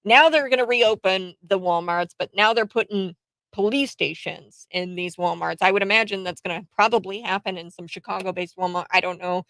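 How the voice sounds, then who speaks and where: A woman's voice: medium pitch, brisk, fairly bright tone, no room sound, poor audio. Rambling conversational woman commentator, dry sound. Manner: rambling, conversational, frequent restarts and laughs. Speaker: political commentary host. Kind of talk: solo political commentary.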